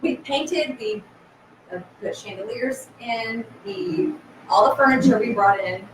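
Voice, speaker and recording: A woman chats casually on a live stream, quick to laugh. Her voice sits a little high. She sounds far from the mic in a roomy, echoing space. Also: background noise. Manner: chatty, laughs easily. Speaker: haunted house co-owner. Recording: echoey room, far from mic.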